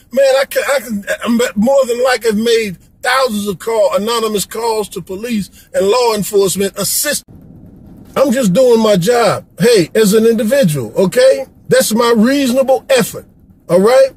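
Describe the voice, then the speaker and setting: A man's voice: extremely high pitch, normal speed, a little mellow, slightly rough, no room sound, poor audio. A middle-aged man from Chicago, delivering an impassioned, pleading rant as a vlogger and repeating "come on, man.". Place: Florida.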